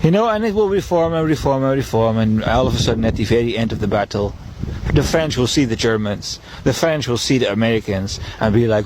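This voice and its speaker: A man rambles through a solo podcast monologue in a voice of middling pitch. He circles back over his own words and chuckles now and then. A faint hiss sits under the recording. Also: expressive, fairly quick. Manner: rambling, repeats himself, chuckles. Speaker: podcast host.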